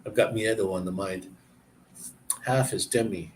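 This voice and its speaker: A man chatting casually and explaining words, halting and searching for words as he goes. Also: lowish voice, slight background noise. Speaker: person explaining language to a visitor. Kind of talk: casual chat.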